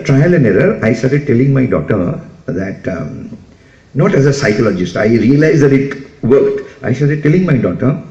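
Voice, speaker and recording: Older Indian English man, animated speaker addressing parents; mellow tone, dull echoey hall recording. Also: medium pitch. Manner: animated, humorous, questions the audience. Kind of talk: motivational talk. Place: school hall.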